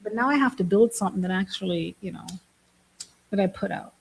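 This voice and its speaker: A woman's voice: mid-range voice, fairly quick, creaky, slight background noise, poor audio. A woman from Germany chatting casually to camera, laughing often and making fun of herself. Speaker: vlogger, app builder.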